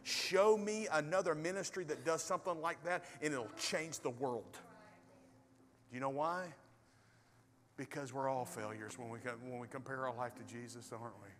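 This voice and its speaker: A man preaching a sermon as pastor, animated, swinging between loud bursts and hushed storytelling. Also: medium pitch, normal speed, a little hiss or hum. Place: large church hall. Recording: reverberant hall with soft music.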